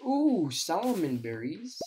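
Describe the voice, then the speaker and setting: A man's voice: high-pitched, huge pitch swings, slow, darkish tone, slight background noise. A young man giving casual gameplay commentary, sarcastic and profane, talking to himself with a strained voice. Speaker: gaming video creator.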